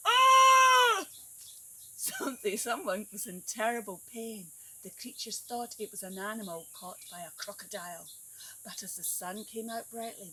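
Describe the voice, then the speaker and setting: A woman teacher reading a picture book aloud to young children, animated and coaxing them to join in. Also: medium pitch, slight background noise. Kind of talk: storybook read-aloud for children. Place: outdoors at a tree house.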